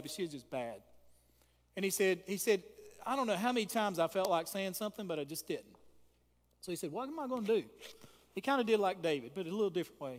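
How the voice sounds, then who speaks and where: A man's voice: high-pitched, long reverb tail. A man preaching a sermon as pastor, reading scripture and asking the congregation questions. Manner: impassioned preaching, reads scripture aloud, asks the congregation questions.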